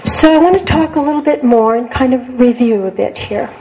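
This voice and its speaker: A woman's voice: a little high, fairly quick, dull audio, background noise. An older woman psychologist giving a talk to a group, speaking earnestly and repeating words for emphasis. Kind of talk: lecture to a group.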